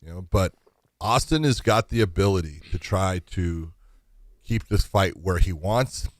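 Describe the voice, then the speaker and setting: A deep-voiced man speaks unhurriedly with no echo. Co-hosting a podcast, he chats casually but bluntly and emphatically, swearing freely.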